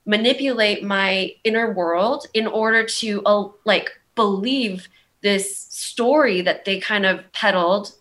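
A young woman guest with a Valley girl accent tells her story in a rambling, candid way, leaning heavily on "like" and "um." Her mid-range voice is fairly bright and her pace slow.

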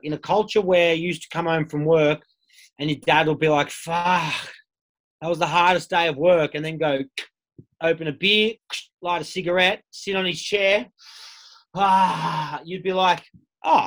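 A man's voice: fairly high pitch, a bit bright. A young Australian man telling his story in a casual interview, candid and rambling, swearing freely. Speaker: guest.

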